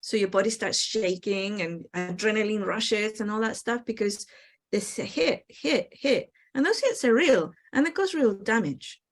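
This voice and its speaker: A woman hosting a spiritual talk show, calmly explaining her ideas and acting out the replies people give. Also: medium pitch, a little slow. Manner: reflective, explanatory, acts out quoted replies. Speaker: host.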